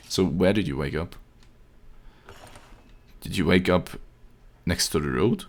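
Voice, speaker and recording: A man's voice: low-pitched, a little slow, pauses often, faint music behind. A young man live-streaming a game, chatting casually with viewers, joking, swearing and laughing often.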